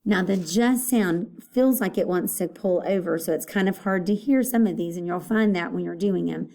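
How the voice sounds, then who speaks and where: A woman's voice: on the low side, moderate pace, gravelly, dark tone. A woman teaching an elementary phonics lesson, patiently saying each word aloud and repeating it for young children.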